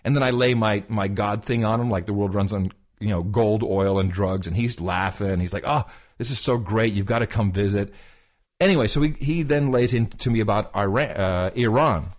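A man's voice: fairly low pitch, normal speed. A man co-hosting a podcast, casually retelling a conversation with lots of fillers, restarts and quoted dialogue. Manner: animated retelling, quoting others, many fillers and restarts. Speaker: podcast co-host.

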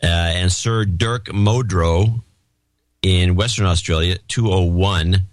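A male podcast host reads listener donations aloud in a dry, wry, deadpan manner, stumbling now and then. His voice sits at an ordinary pitch and the recording is close and dry, with no room sound. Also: takes it slowly, no room sound. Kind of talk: casual talk show, reading listener donations.

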